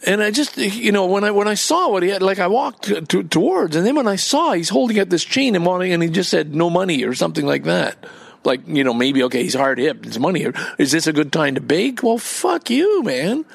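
A man's voice: sits high, expressive, brisk, creaky, husky, dry recording. A man recording a casual, rambling monologue outdoors in a park, swearing freely and flaring up as he gets indignant. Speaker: vlogger.

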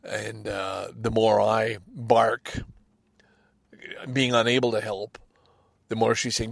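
A man's voice: lowish voice, level tone, slow, gravelly, pauses often, no echo. A man from Canada hosting a podcast, talking alone in a casual, rambling and candid way with frequent restarts and the odd swear word. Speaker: podcast host. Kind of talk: casual solo monologue.

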